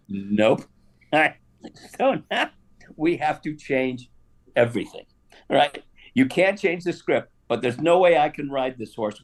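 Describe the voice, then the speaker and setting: An older man telling a story casually on a live stream, animated, with laughs and asides. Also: medium pitch. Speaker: guest actor telling stories.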